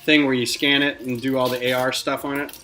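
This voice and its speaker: A man's voice: mid-range voice, level tone, fairly quick, noisy background. A man hosting a livestream from home, chatting casually and joking while building brick models. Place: home, indoors. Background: background music.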